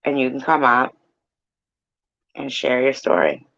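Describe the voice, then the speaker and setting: Slow, gravelly man rambling as chat host. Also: mid-range voice, lively intonation, a bit bright, dull audio. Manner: rambling, blunt, swears. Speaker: host of a live chat room. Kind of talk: casual live chat.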